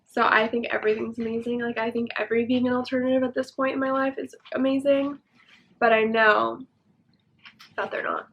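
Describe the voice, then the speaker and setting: A young woman hosting a casual mukbang chat at home, talking while she eats, chatty and quick to giggle. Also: fairly high pitch, little pitch movement, fairly bright tone, slight background noise. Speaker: vlogger host. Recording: dull lo-fi sound.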